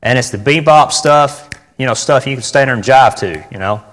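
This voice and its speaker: A man preaching informally to his congregation, chatty and direct, driving points home by repeating them and asking for an amen. His voice sits at an ordinary middle pitch. It rings with a long reverb, as in a church sanctuary. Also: normal speed, fairly bright tone. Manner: conversational, repeats phrases for emphasis, asks the audience for responses. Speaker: preacher teaching on church music.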